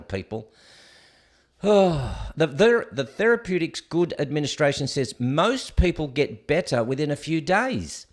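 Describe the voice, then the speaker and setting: Australian man ranting sarcastically. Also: on the high side. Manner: sarcastic, emphatic, reads headlines aloud. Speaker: host. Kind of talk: ranting commentary on news stories.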